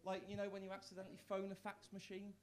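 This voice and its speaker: A young man from the works a comedy club crowd, his voice sitting a little high for a man. He trips over his own words and restarts often, then throws his punchlines out loud. He sounds self-mocking and close on a handheld stage mic. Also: completely flat delivery, fast talker. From Worcester, England. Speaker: stand-up comedian. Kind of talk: live stand-up set.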